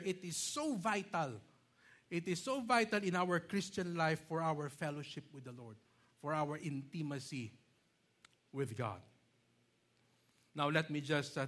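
A male pastor preaching a sermon, emphatic, stretching key words slowly and often checking in with "okay?" and "right?". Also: on the high side, fairly bright tone.

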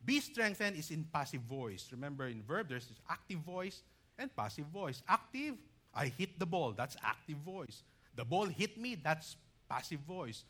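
A man's voice: on the high side, big pitch swings, normal speed, bright, forceful tone. A man preaching a sermon, teacherly and emphatic, reading scripture aloud with rising force. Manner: teacherly, explains grammar with asides like "okay".

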